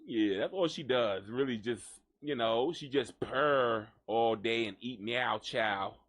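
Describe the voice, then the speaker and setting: A man hosting a live gossip show, joking and cursing in an animated, mocking way. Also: mid-range voice, slow. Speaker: host. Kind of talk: live gossip radio talk.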